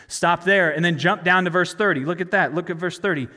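A man delivers a sermon in a conversational, questioning manner, often putting rhetorical questions to his listeners. His voice sits fairly high for a man. A long reverb trails behind him in a large hall. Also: a little fast, few pauses, sharp tone. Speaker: preacher.

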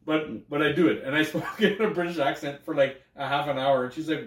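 A man's voice: on the high side, a little fast, far from the mic. A man co-hosting a podcast in casual chat, rambling, swearing and laughing often. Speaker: podcast co-host. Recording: roomy, from off-mic.

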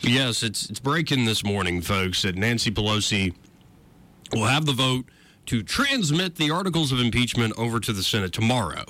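A man's voice: medium pitch, lively intonation, moderate pace, pushed and bright. A man hosting a political talk radio show, sarcastic and conversational.

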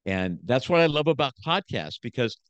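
A man speaking with a preacher's emphatic, repetitive drive while telling his story on a podcast. His voice sits in an average pitch and is recorded dry and close. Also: very animated, moderate pace, a bit bright, clean tone, no echo, dull audio. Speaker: guest, motivational speaker and preacher.

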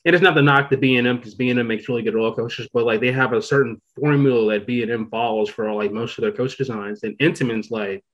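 A man hosting a podcast in casual chat, talking in an excitable, rambling way, full of "like" and "you know.". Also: medium pitch, fast talker, few pauses, dull audio. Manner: rambling, excitable, many fillers. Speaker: podcast host.

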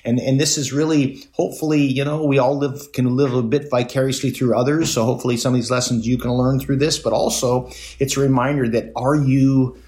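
A man's voice: medium pitch, steady tone, a little fast, a little mellow. A middle-aged man hosting a podcast, telling personal stories in a casual, rambling way, with lots of fillers and restarts and a self-mocking tone. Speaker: podcast host. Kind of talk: casual storytelling monologue.

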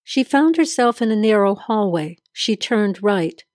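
Woman narrator for a story podcast; measured, steady, mid-pitched, dry close sound. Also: no room sound. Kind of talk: scripted narration.

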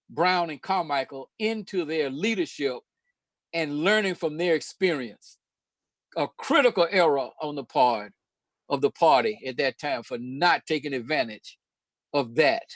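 A man's voice: a little high, no room sound. Older man telling history. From Charlotte, North Carolina, USA. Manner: storytelling, hesitant with many restarts, laughs often. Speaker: host. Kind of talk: casual history talk.

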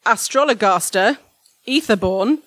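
A woman's voice: mid-range voice, lively intonation, unhurried, a bit bright, dry recording. A woman compering a live horror show on a theatre stage, introducing acts with joking, wry asides.

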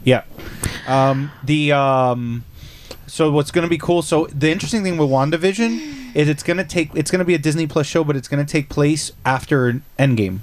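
A man's voice: on the high side, moderate pace, a little hiss or hum. A man talking casually in a group chat, rambling and restarting as he tells a story.

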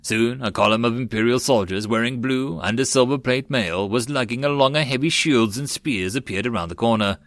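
A man narrating a web novel audiobook in a steady storytelling manner. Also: medium pitch, a little fast, hardly any pauses, no room sound.

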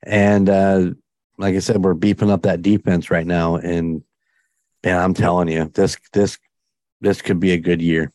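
Enthusiastic low-voiced podcast host. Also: male voice, level tone, unhurried, darkish tone, dry recording. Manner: enthusiastic, rambling, many restarts. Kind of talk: casual chat.

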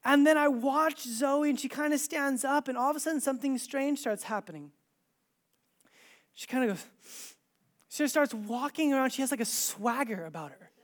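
A male pastor telling a personal story in a sermon, swinging between hushed, near-whispered moments and loud, intense emphasis, with a casual, "like"-filled way of talking. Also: very high voice, normal speed.

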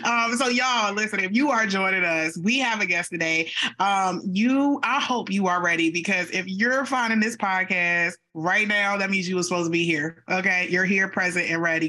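Bright, lively woman podcast co-host. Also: medium pitch. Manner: lively, playful, talks straight to listeners. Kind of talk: casual chat, animated storytelling.

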